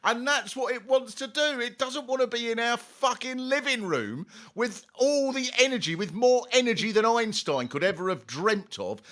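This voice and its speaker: A middle-aged man hosting a comedy podcast, telling stories in an animated rant with sudden yelps and swearing. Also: high voice. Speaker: podcast host. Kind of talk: comic conversation.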